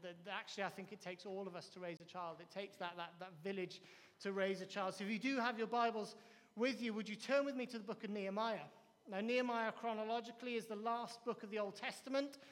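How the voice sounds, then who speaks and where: Male pastor, very high voice, emphatic sermon delivery, long hall reverb. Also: fairly even intonation, fast talker. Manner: emphatic preaching with repetitions and quoted dialogue. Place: church.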